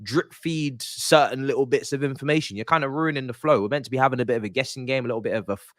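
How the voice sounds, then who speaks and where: A man, hosting a live-stream pre-match chat as a football fan, in animated, exasperated, joking banter. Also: medium pitch, fast talker, no echo, clean studio sound.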